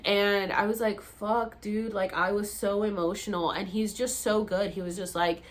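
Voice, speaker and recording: A young woman vlogging to camera, telling a personal story in a casual, animated way, with lots of swearing and "like" fillers. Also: medium pitch, moderate pace.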